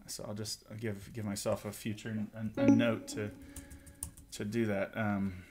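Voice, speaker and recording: A man's voice: fairly low pitch, flat delivery, a little mellow. A man working through a vocal arrangement at his computer, thinking aloud with lots of ums and hums. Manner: halting and self-talking, many ums, hums bits of melody. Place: at a computer with notation software. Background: song recording playing.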